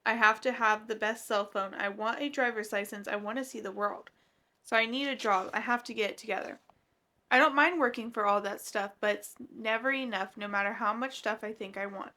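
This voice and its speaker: A woman in her twenties, a book vlogger chatting casually and reacting with animated gushing to a manga she is reading. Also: fairly high pitch, fairly quick.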